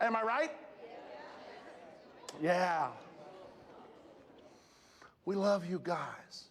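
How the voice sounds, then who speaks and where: Animated male motivational speaker in a hall. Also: sits high, very slow, long pauses, a faint crowd. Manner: animated, bursts into shouts. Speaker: school assembly speaker. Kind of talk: motivational talk to students. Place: large school hall. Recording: reverberant hall with audience.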